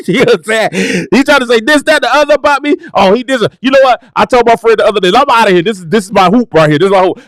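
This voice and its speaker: Fervent man preaching with wild pitch swings. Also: expressive, very fast, few pauses, dry recording. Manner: fervent, emotional, swings from low murmurs to shouted exclamations. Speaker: show host. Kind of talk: preaching-style motivational talk.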